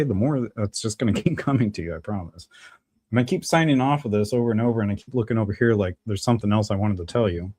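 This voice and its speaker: Low-voiced rambling live stream host. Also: male voice, darkish tone, husky, no room sound. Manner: rambling, ad-libbed, jokey. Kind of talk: casual live stream chat.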